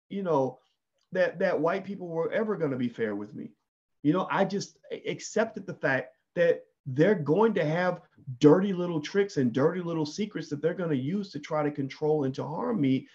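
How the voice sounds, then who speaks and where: A man's voice: on the high side, a little mellow, breathy edge, muffled recording. A man giving an emphatic opinion monologue, often asking 'right?' and restarting his sentences. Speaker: commentator.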